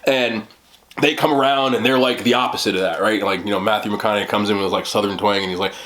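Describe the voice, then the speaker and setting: A man's voice: lowish voice, steady tone, fast, a bit bright, rough recording. A man hosting an eating video, chatting casually and rambling with many fillers and mocking asides. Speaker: mukbang host. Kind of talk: casual chat to camera.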